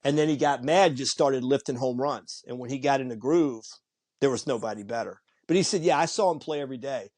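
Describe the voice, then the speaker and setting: This guest on a podcast has a mid-range voice and talks a little fast. Telling stories in a laid-back chat, he's animated and mimics the voices of those he quotes.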